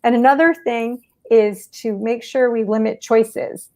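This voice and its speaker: Woman care specialist, somewhat higher voice, practical and anecdotal, relaxed interview talk. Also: a little slow. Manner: practical, anecdotal, acts out what she says to seniors. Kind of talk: casual interview chat.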